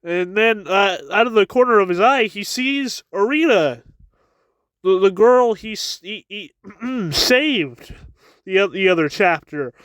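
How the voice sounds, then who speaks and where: A man's voice: sits high, expressive, unhurried, fairly bright tone, clean tone, dry recording. A man giving a casual chapter review with wry asides, often stammering and repeating his words.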